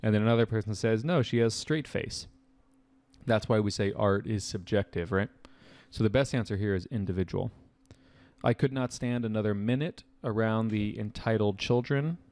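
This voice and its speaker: A young man explaining vocabulary answers as a test-prep tutor, chatty and casual with quick asides. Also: on the low side, fairly even intonation, darkish tone, no echo.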